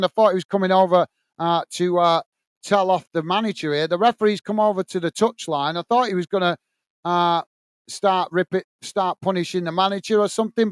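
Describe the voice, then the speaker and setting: An English man with a high, smooth voice hosts a live football watch-along, bluntly and irritably scolding a commenter before turning to describe the play for viewers. The recording is dry, with no room sound.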